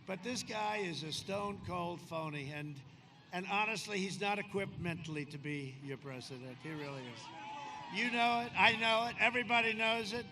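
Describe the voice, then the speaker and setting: A man in his seventies giving a rambling, boastful campaign rally speech outdoors, swinging from shouting to quieter confiding asides. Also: high-pitched, moderate pace. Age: 70s. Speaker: politician speaking at a campaign rally. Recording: outdoor rally PA with crowd noise. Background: crowd ambience.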